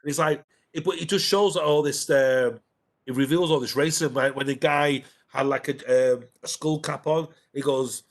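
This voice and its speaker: A man's voice: fairly high pitch, moderate pace. A man co-hosting a casual live-stream chat, hesitant with many fillers and false starts. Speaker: podcast co-host.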